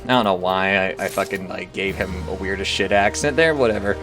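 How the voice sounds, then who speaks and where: A man's voice: low-pitched, a little fast, over music. A young man talking casually on a live stream, rambling and swearing freely.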